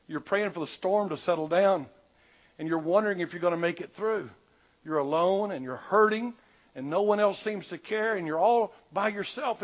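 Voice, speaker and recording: An older man preaching a sermon as pastor, telling folksy stories and swinging from loud urging to soft, confiding asides. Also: sits high, lo-fi sound.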